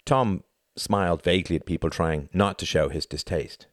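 A man narrating a novel as an audiobook in a measured, expressive storytelling manner. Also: low voice, no room sound, studio quality.

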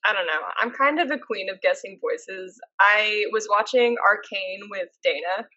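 A woman's voice: mid-range voice, animated, moderate pace, bright, forceful tone, dry recording, highs cut off. A woman co-hosting a podcast, chatting casually and telling stories with lots of fillers. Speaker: podcast co-host. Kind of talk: casual chat.

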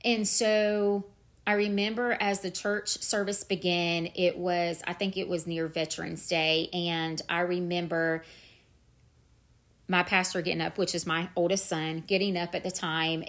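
A woman's voice: on the low side, flat delivery, unhurried, a bit bright. Earnest woman sharing her testimony. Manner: earnest, emphatic, repeats "I'm telling you". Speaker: podcast host. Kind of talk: personal faith testimony.

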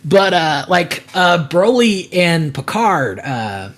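A man's voice: very animated, slow pace, a bit bright. A man co-hosting a podcast, telling stories in casual chat and acting out the people in them. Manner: rambling storyteller, acts out quotes with big jumps in pitch. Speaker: podcast co-host.

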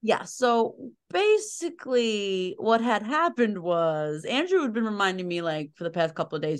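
A woman in her thirties chatting casually, telling animated, self-deprecating stories with lots of fillers. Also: mid-range voice, normal speed, hardly any pauses. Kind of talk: casual chat.

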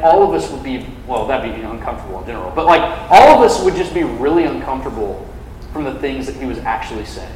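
Young man, sermon, conversational with "like" fillers, echoey hall, faint room noise. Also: on the high side. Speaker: campus ministry preacher.

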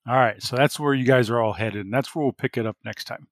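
A man's voice: mid-range voice, fast, no echo. A man narrating as game master, laid-back with lots of ums and uhs.

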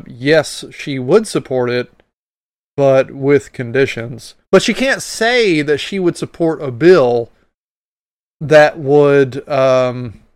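Exasperated podcast host, crisp and dry. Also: male voice, medium pitch, no room sound. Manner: exasperated, blunt, swearing. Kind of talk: podcast commentary.

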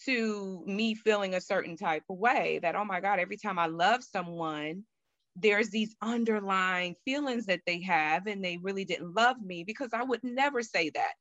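A woman's voice: mid-range voice, normal speed, fairly bright tone, no room sound, lo-fi sound. A woman guest telling a personal story candidly and animatedly, acting out her own thoughts.

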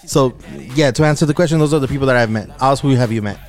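Animated man telling stories on radio. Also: medium pitch, fast talker, faint music behind. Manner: animated storyteller, acts out quotes. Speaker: radio show co-host and DJ. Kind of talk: casual chat.

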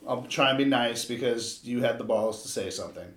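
A man's voice: medium pitch, brisk, a bit bright, roomy sound. A man with an American accent in casual, profane chat, talking bluntly and acting out little exchanges. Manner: blunt, swears constantly, acts out shop exchanges.

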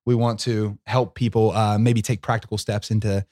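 A man co-hosting a faith podcast in a studio, talking quickly and upbeat with a joking edge. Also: lowish voice, level tone, warm tone, no room sound. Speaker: podcast co-host.

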